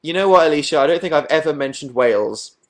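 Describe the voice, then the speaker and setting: A man's voice: on the high side, animated, quick pace. Sarcastic young man on a livestream. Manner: dry, sarcastic, self-mocking. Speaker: livestream host. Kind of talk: casual live chat reading viewer comments. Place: bedroom at night.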